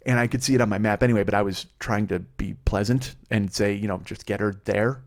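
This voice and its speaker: Fast-talking, foul-mouthed man telling stories. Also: lowish voice, steady tone. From Illinois, US. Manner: rambling, heavily profane, self-mocking. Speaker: podcast host. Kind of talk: comedic storytelling monologue.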